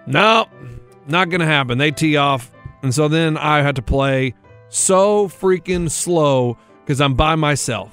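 A man's voice: a little high, measured pace, fairly bright tone, smooth, soft background music. A man co-hosting a radio show, telling a story in casual chat and acting out the other people in it. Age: middle-aged.

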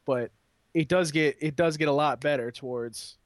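A man joining a casual chat with friends, playful and easy to laugh. His voice sits a little higher than most men's. The sound is dry and close. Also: normal speed, no echo. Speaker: podcast co-host.

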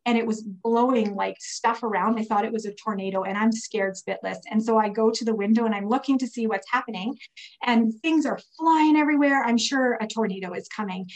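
A woman recounting a personal faith story in a casual, heartfelt way. She is getting over pneumonia and speaks in a slightly high voice, stopping often on fillers as the feeling builds. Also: a little fast, low-quality recording. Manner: earnest, emotional storytelling with many fillers. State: recovering from pneumonia. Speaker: guest telling a personal story. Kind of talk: casual testimony.

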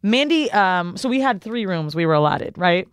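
Young woman co-host, animated and profane storyteller, dry close mic. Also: medium pitch, moderate pace, clean tone, no room sound. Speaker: podcast co-host. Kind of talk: casual storytelling chat.

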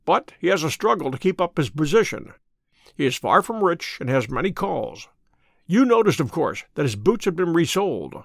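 A man reading a calm, keen detective. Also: a little high, moderate pace, gravelly, no echo, clean studio sound, full character voice. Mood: composed. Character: sharp, calm male detective. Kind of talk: audiobook character reading.

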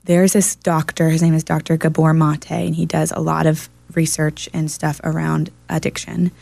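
A woman counselor in casual podcast chat, an animated and earnest storyteller. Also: low voice, moderate pace, creaky, no room sound.

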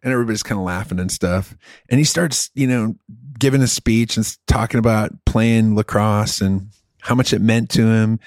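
A middle-aged man telling a long story in casual chat. He talks in an animated, rambling way and drops in the odd swear and "dude". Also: lowish voice, moderate pace, no room sound, clean studio sound.

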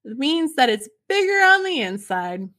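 A woman with a high, light voice chats on a podcast, reading off fun facts. She laughs easily and sounds keen on her subject. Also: very animated, measured pace, sharp tone. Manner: giggly and enthusiastic. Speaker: podcast host. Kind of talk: casual chat, reading out facts.

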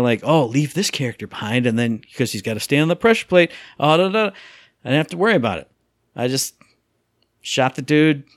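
A man's voice: mid-range voice, no room sound, clean studio sound. A man co-hosting a podcast, chatting casually about video games and acting out sound effects. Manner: animated, acts out sound effects and voices. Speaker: podcast co-host.

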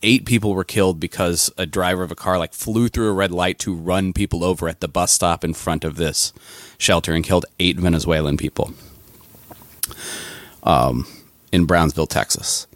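A man with a very low voice gives heated political commentary on a podcast. He keeps stopping and restarting his thoughts with plenty of fillers. The recording is dry and close, with no room sound. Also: steady tone, normal speed, dry recording. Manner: impassioned, with frequent restarts and fillers. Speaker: podcast co-host.

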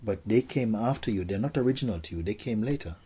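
Casting: deep, warm-toned man as a spiritual teacher, soft and gentle. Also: animated, quick pace, breathy edge. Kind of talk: spiritual Q&A talk.

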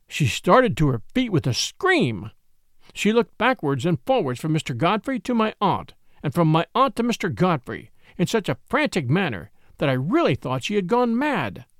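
A man reading an audiobook as narrator, in an expressive, theatrical manner. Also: high voice, normal speed, no room sound, studio quality. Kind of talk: scripted narration.

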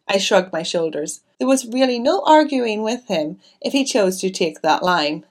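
A woman's voice: mid-range voice, expressive, normal speed, few pauses. A woman reading a mystery audiobook steadily, breaking off now and then for casual chatty asides. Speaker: audiobook narrator.

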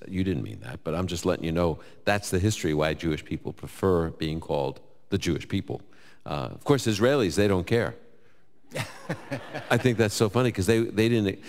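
A man with a New York accent fields Bible questions before a live audience. His voice is very low, and he mixes scripture quotes with casual asides. A long hall reverb trails each phrase. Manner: conversational, lively, quotes scripture, jokes.

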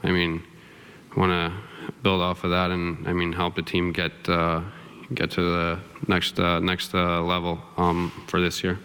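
A man answers questions at a press conference in a halting, filler-heavy way. His voice is very smooth and clear, low and flat in pitch. The sound carries a long reverb, as if the mic is in a large press room. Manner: halting, many fillers and restarts. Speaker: hockey player at media day.

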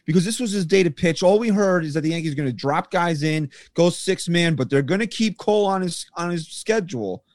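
Co-host, male, slightly high voice, blunt and profane, agitated arguing, dry mic. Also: animated, brisk, hardly any pauses, no room sound. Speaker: podcast co-host. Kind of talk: heated sports podcast rant.

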